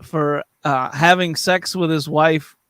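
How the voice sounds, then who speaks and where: A man's voice: a little high, fairly even intonation, slow, a bit bright, clean tone, no echo. A man on a casual gaming podcast, speaking hesitantly and laughing a lot.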